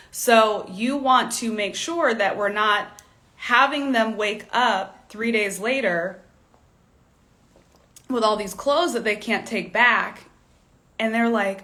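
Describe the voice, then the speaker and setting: A woman's voice: medium pitch, slow pace, bright, forceful tone. A young woman, a fashion stylist, giving casual live coaching, chatty and candid, with a tickle in her throat that keeps making her cough. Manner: chatty and candid, with frequent laughs and "like" fillers. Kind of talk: casual livestream teaching.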